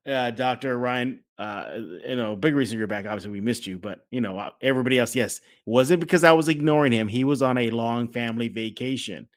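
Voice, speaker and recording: Energetic man hosting a sports podcast. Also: medium pitch, brisk, hardly any pauses. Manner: energetic, acts out fan reactions. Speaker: podcast host. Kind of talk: casual sports podcast chat.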